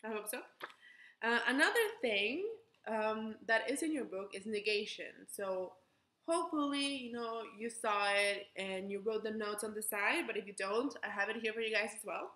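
A young woman with a somewhat high voice teaches beginner French, moving between French and English. She slows down to model pronunciation. The recording has a roomy echo. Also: sharp tone. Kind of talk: recorded class lesson.

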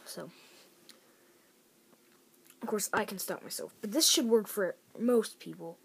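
A woman's voice: medium pitch, unhurried, creaky, husky. A teenage girl rambling chattily in a casual home vlog from a bedroom. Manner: rambling, chatty, lots of fillers and restarts. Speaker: vlogger.

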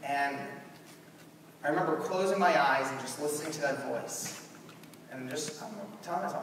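Young male keynote speaker, high lively voice, echoey far-off hall sound. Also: normal speed, long pauses, background noise. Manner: animated, acts out quotes. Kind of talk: storytelling keynote. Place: large conference hall.

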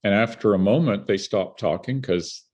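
A man's voice: lowish voice, normal speed, highs cut off. An older man from Canada, a filmmaker, telling stories as a guest and acting out the people he quotes. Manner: animated storyteller who acts out the people he quotes. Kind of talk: storytelling in a conversational interview.

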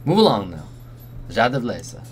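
A man voicing a burly Romani patriarch in his late sixties, a gruff arms dealer, in a thick put-on foreign accent for a video game let's play. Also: fairly low pitch, very animated, normal speed, faint music behind. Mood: stern warning. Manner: stern, over-the-top foreign accent.

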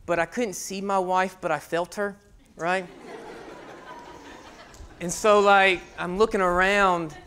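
A man, preaching a sermon as pastor and telling a story, acting out shouts and hushed asides. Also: high-pitched, smooth.

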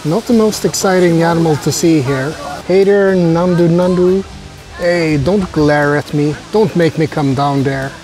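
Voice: mid-range voice, unhurried, a little mellow, faint music behind. A travel vlogger narrating casually outdoors at a zoo, joking to the camera and chatting to the animals. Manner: playful, jokey asides, chatting to animals.

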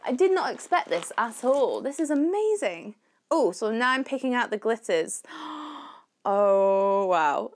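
An excitable woman vlogger talks her way through a beauty unboxing, gushing and chatty. Her voice sits at an ordinary middle pitch for a woman. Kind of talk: unboxing vlog chat.

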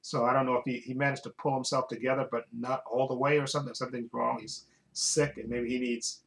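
A man's voice: mid-range voice, little pitch movement, quick pace, creaky, fairly bright tone, a little hiss or hum, poor audio. Rambling man recapping a TV episode. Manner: rambling, searches for words with many restarts. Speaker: TV episode reviewer. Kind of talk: casual spoken episode recap.

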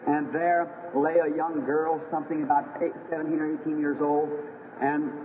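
A man's voice: a little high, level tone, normal speed. A man preaching an old-time revival sermon, telling stories in an earnest, folksy way. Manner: earnest, folksy storytelling with acted-out quotes. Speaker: evangelist preacher. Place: church hall. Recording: tinny, hissy old archival recording in a hall.

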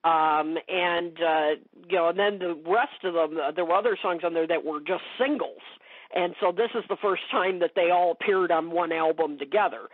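A woman's voice: fairly low pitch, moderate pace, dry recording. A woman speaking as a guest expert in a casual interview chat, talking with many fillers and restarts. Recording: dry phone-like call audio.

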